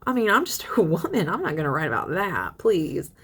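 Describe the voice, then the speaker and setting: A young woman teaching a literature lesson in a chatty, lively way, reading poems aloud and paraphrasing them. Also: fairly low pitch, brisk, husky. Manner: chatty, animated paraphrasing with laughs. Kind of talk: casual lecture with poem readings.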